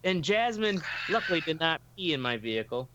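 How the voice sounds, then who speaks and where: A man's voice: fairly high pitch, big pitch swings, a little fast, lo-fi sound, a crowd in the background. A man on a podcast telling a long story in casual chat, rambling with lots of fillers and swearing and acting out the people he quotes.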